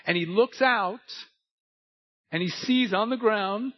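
A man preaching a sermon, telling a story and moving between hushed and emphatic delivery. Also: sits high, slow pace, lo-fi sound, background noise.

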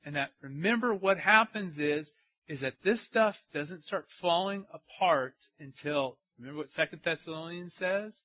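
A pastor with a fairly high voice preaches a sermon at a moderate pace, animatedly putting questions to his congregation as he goes. The recording is dry and has a tinny, phone-like quality.

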